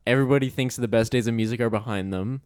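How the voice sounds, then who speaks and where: Hesitant man with a smooth voice. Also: medium pitch, fast, a little mellow, no room sound, clean studio sound. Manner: rambling, hesitant with many uhs, laughing. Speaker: podcast co-host. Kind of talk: casual chat.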